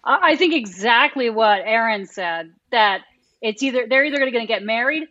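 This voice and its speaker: A woman's voice: fairly high pitch, expressive, a little fast, pushed and bright, dry recording. A woman co-hosting a casual podcast, giving a blunt opinion. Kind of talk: casual chat. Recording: dull lo-fi sound.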